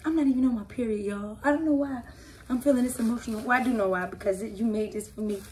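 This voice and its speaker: A young adult woman reacting to gifts in a casual unboxing vlog, excitable and emotional, full of slang and exclamations. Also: on the high side, quick pace. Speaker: vlogger opening gifts.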